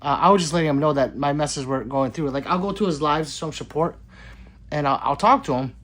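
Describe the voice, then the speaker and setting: A man with a fairly high voice talks fast while hosting his own gun channel livestream. He reads viewer comments aloud and banters back casually, joking loosely and bouncing between loud greetings and low mutters.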